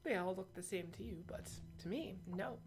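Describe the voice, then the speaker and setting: A woman voicing a brisk woman shopkeeper who sells birds, businesslike and dryly teasing. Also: mid-range voice, music in the background, pitched above the performer's own voice, lightly acted.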